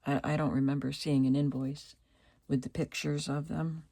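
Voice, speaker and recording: A woman vlogging casually about her craft supplies, thinking aloud and admiring each item, her voice still rough from the morning. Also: low voice, flat delivery, slight background noise. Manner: slow and chatty, softly admiring, thinking aloud. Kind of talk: casual show-and-tell vlog.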